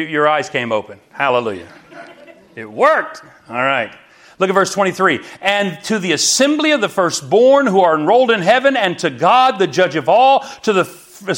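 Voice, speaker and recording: A man's voice: high voice, fairly bright tone. A man preaching a sermon as pastor, exuberant, with frequent hallelujahs and calls to the congregation.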